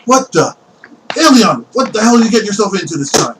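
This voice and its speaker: A man voicing a gruff, grunting nobleman who is protective of his son and blusters indignantly. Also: a little high, normal speed, lightly acted. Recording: distant mic with faint noise.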